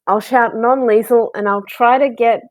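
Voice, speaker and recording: A woman's voice: a little high, expressive, a little slow, dry recording. Hesitant woman player, dry close sound. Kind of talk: casual game chat.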